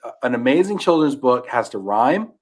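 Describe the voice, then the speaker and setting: A man's voice: medium pitch, normal speed. A man on a podcast, animatedly retelling a children's book, whose voice often drops to a mumble. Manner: animated storyteller, trails off into mumbles. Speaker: podcast guest. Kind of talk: casual chat.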